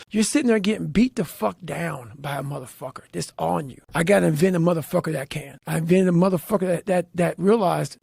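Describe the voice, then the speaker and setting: A man telling intense motivational stories as a podcast guest, swearing heavily and speaking with forceful emphasis. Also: a little high, creaky, slightly rough, no echo, clean studio sound. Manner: heavy profanity, forceful and emphatic.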